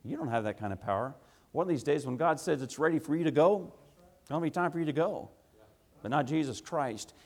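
A man delivering a sermon in a notably high voice. He drops into quiet, low asides, then builds to loud, emphatic passages with rhythmic repetition. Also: animated, brisk. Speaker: preacher.

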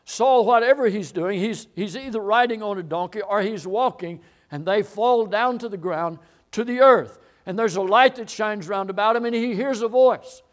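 A high-pitched man preaching a sermon and working through a Bible passage. He repeats phrases for emphasis. He builds up to loud, ringing declarations. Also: normal speed. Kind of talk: sermon, expository Bible teaching.

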